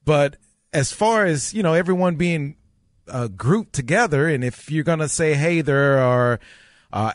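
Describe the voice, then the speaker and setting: Lively high-pitched radio guy, sounds bugged, dry studio sound. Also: no room sound. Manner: defensive, animated, laughs at himself. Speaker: sports radio host. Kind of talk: casual radio banter.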